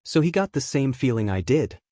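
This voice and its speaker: A man reads a fan fiction story aloud in a plain, even storytelling voice at an ordinary middle pitch. The sound is dry and close, with no room around it. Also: a little fast, no room sound. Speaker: narrator.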